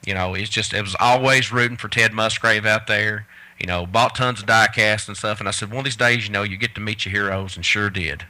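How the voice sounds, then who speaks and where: A man's voice: fairly low pitch, brisk, bright, forceful tone, poor audio. A man co-hosting a radio show who tells long, rambling, enthusiastic stories. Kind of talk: casual radio chat.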